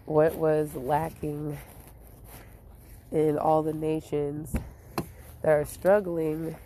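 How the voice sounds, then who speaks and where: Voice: medium pitch, level tone, very slow, warm tone, slight background noise. A vlogger with a stuffy nose from allergies, talking outdoors in a rambling, musing, philosophical way. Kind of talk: casual vlog monologue. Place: outdoors near flowers and a car.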